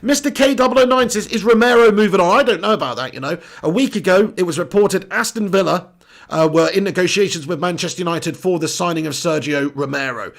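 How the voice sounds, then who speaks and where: A man's voice: high-pitched, brisk, creaky, a bit bright. A young English man hosting a live football stream, reading viewer comments in a blunt, casual way and swearing freely. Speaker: football channel host.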